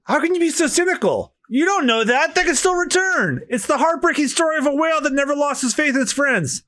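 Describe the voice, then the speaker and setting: A man voicing a shocked, tender-hearted young pirate, reading a comic aloud in a high, pleading voice. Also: expressive, fairly quick, a bit bright. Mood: indignant.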